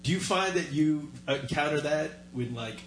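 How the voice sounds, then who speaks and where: A man in casual chat, teasing and chiming in with quick remarks. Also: on the high side, echoey room, a little hiss or hum, poor audio.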